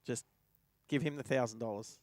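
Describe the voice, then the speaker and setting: A young Australian man with medium pitch and fairly even intonation talks at normal speed, his tone darkish and the recording dry. Hosting a driving livestream from inside his car, he tells a rambling anecdote casually, chuckling to himself.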